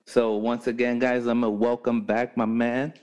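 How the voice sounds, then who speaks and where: A man's voice: medium pitch, little pitch movement, moderate pace, darkish tone, clear, resonant tone. A man hosting a podcast, teasing his co-host in blunt, profane casual chat.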